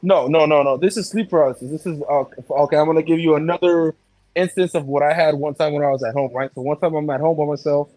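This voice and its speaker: A man in casual chat, telling a personal story in an animated, profane way. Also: a little high, fast, no room sound, low-quality recording.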